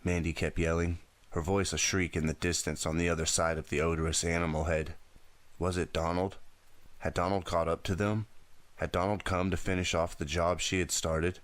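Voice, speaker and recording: A man with a very deep voice narrating a thriller audiobook in a steady, dramatic way. The recording is close and dry, with no room sound. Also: moderate pace, dry recording. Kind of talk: audiobook reading.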